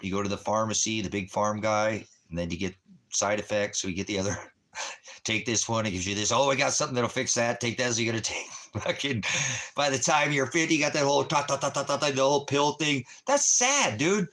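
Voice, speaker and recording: A man rants at his viewers, swearing freely and rambling from point to point. His voice is bright and forceful, cutting through as he gets worked up. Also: mid-range voice. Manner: rambling, profane, heated, restarts often. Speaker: livestreamer addressing viewers. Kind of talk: casual profane rant.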